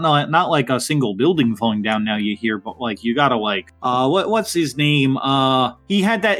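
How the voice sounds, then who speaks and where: A man's voice: medium pitch, fairly bright tone. A man voicing a plain, thoughtful middle-aged Midwestern mother who stops and restarts while thinking aloud. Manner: halting, repeats herself while thinking.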